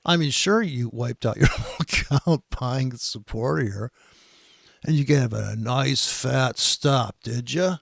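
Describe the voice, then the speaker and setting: Gravelly, sarcastic trading commentator. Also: male voice, medium pitch, a little slow, no room sound, clean studio sound. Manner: exasperated, sarcastic, heavy swearing. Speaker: trading commentator reacting to a video. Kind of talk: profane reaction commentary.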